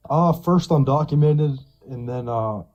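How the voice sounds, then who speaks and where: A twenty-year-old man calling into a debate stream, answering in a blunt, halting and crude way. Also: mid-range voice, dull audio, soft background music. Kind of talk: casual debate call.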